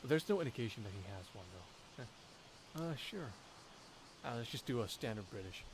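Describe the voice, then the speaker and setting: A man's voice: mid-range voice, animated, moderate pace, background noise. Casual man doing wry game commentary. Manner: casual, wry asides, reads lines aloud. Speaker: voice actor playing a visual novel. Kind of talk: game playthrough reading and commentary.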